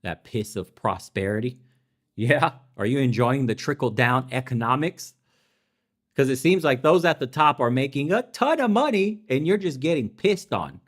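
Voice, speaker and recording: Man, young adult, podcast host, ranting commentary, sarcastic, profane, mocking, swinging pitch.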